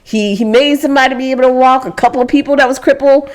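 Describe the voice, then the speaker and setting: A woman voicing a boastful male disciple who brags to his friends at dinner in loose, excited chatter. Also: high voice, fast, pitched above the performer's own voice, close to an everyday voice. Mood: hyped.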